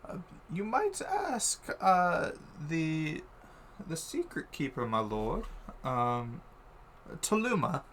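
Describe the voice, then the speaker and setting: A man's voice: on the high side, very animated, takes it slowly, a bit bright, a little hiss or hum, pitched above the performer's own voice, heavily acted. A man voicing a fussy male court scholar who stammers politely while he speaks. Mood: deferential.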